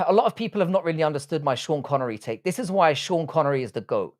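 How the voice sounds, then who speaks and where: A man's voice: a little high, expressive, very fast, few pauses. A young man hosting a casual livestream, reading the chat aloud and rambling with crude jokes. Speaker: livestream host.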